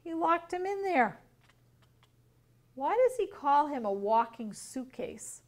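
A woman teacher reading a picture book aloud to young children, gently explaining and asking questions. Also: sits high, very animated, takes it slowly.

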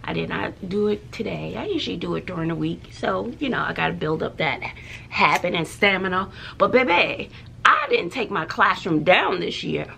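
A woman, a teacher and mother chatting in a vlog, animated and dramatic, with hushed asides. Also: lowish voice, normal speed, gravelly, slight background noise. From Texas. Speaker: schoolteacher and mother. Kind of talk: casual chatty vlog storytelling.

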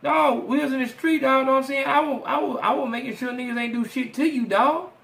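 A man voicing a jailed man who pleads indignantly in a strained high voice and curses in street slang. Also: quick pace, vocal fry, a bit bright, echoey room, heavily acted. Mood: indignant pleading.

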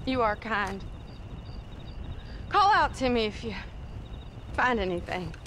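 A woman's voice: a little high, big pitch swings, slow pace, a bit bright, full character voice. Bonnie MacFarlane, a weary ranch woman. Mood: soft. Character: weary young ranch woman, gentle and polite. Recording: game audio with outdoor noise.

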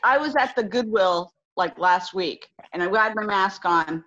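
A woman's voice: mid-range voice, animated, unhurried, a bit bright. A woman in her fifties telling a wry story as a trivia player on a video call. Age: 50s. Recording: dull lo-fi call with background noise.

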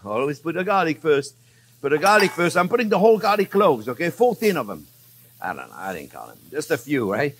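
Chatty chef guy demoing a recipe, kinda high voice that bounces all over. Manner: chatty, warmly addresses viewers as friends; animated, enthusiastic. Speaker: chef and cooking show host. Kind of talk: cooking demonstration. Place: kitchen.

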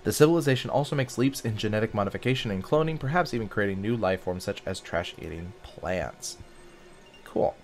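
A man's voice: lowish voice, animated, fairly quick, soft background music. A man hosting a casual gaming video, chatting and reading game text aloud as he plays. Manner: chatty, reacts aloud and sings snatches of songs.

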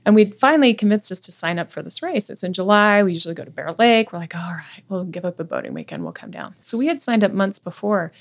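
A woman's voice: mid-range voice, lively intonation, quick pace, few pauses. A middle-aged woman, a podcast guest, intensely retelling a story with lots of quoted speech. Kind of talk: conversational storytelling.

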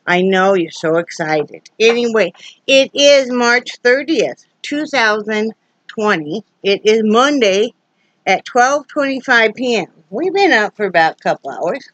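A woman's voice: a little high, expressive, measured pace, fairly bright tone, no echo, rough recording. A middle-aged woman chatting casually to camera from her home, homey and talkative, filmed on a camera set up on a ring light. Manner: chatty and homey, with laughs and asides. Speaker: vlogger. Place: home, indoors. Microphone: phone or camera on a ring light.

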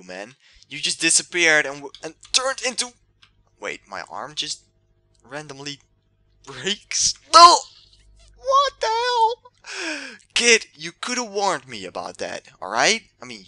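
A young man giving excitable let's play commentary, yelling and trash-talking the game. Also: medium pitch, no room sound. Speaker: gamer.

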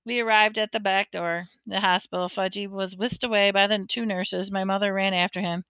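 A woman reads a children's storybook aloud with expressive narration. Her tone is bright and crisp, and the sound is dry and close. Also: mid-range voice, moderate pace, dry recording. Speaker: audiobook reader.

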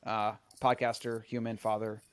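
A man's voice: fairly low pitch, level tone, normal speed, clear, resonant tone, dry recording. A man hosting a podcast, telling stories in a boastful, rambling way, full of restarts. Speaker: podcast host. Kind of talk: casual chat.

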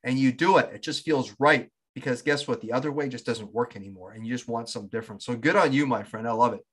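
A man's voice: mid-range voice, fast talker, a bit bright, husky. A man hosting a podcast who reflects philosophically on what his guest has said and affirms him. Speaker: podcast host. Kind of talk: interview conversation.

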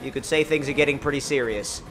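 A man giving excitable, jokey, rambling commentary while playing a racing game. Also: medium pitch, fast, slight background noise. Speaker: gaming channel host. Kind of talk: gameplay commentary.

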